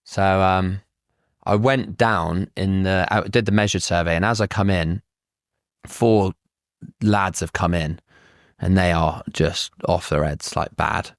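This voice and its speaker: Low-voiced, foul-mouthed man. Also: slow, no echo, studio quality. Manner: blunt, swears freely, lively anecdotes. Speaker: surveyor. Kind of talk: casual podcast chat, storytelling.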